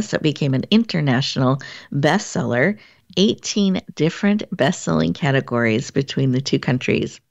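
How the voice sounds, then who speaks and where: Low-voiced woman podcast host. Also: dry recording, highs cut off. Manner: affirming, summarizing, laughs often. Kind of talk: warm interview chat.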